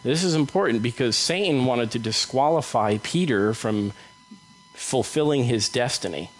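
A man's voice: medium pitch, expressive, rough recording. Man preaching a casual sermon. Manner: conversational, acts out Bible dialogue in quick voices.

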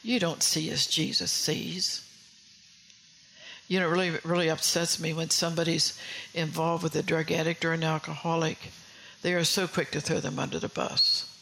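A woman's voice: sits low, level tone, moderate pace, vocal fry, a bit bright, poor audio. A woman preaching a sermon in an earnest way, often repeating and restarting phrases and putting questions to her listeners.

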